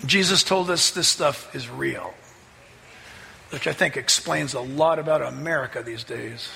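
A man preaching a sermon as pastor, telling a story with lively energy. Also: mid-range voice, a little slow, creaky, in a large hall, slight background noise. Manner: animated, rising to near-shouts in the story. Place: church sanctuary.

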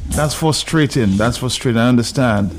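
A man's voice: mid-range voice, normal speed. A man hosting a call-in radio show, sympathetic and pleading with listeners to help. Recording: radio broadcast with music bed.

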